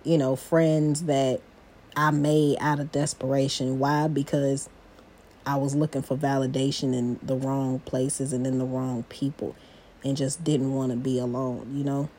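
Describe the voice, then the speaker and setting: A woman's voice: extremely low pitch, flat delivery, a little slow, mellow. A young adult woman hosting a personal podcast, chatty and confiding as she talks straight to her listeners. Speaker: podcast host. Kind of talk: casual personal podcast talk.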